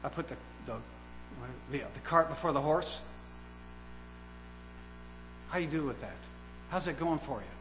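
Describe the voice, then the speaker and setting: A man's voice: on the high side, expressive, a little fast, faint music behind. Man preaching in a reverberant hall. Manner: swings between quiet asides and loud emphatic declarations; fires rhetorical questions at the congregation. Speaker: pastor. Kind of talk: sermon. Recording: reverberant hall with faint mains hum.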